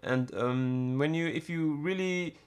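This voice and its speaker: A man teaching a music production tutorial, talking in a halting way with many fillers and restarts. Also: a little high, smooth. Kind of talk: screen-recorded software tutorial.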